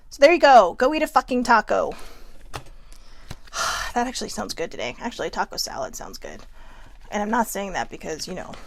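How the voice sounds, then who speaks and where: A woman's voice: mid-range voice, vocal fry. A woman hosting a casual motivational vlog, talking in a chatty, emphatic way and laughing often. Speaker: vlog host.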